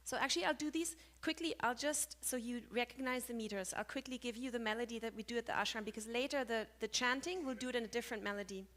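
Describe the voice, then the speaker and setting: A woman's voice: on the high side, fairly even intonation, fast talker, hardly any pauses, a bit bright. Woman lecturing on Sanskrit meter. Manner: chatty, with self-corrections, hums meter rhythms. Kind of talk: conference talk on Sanskrit meter.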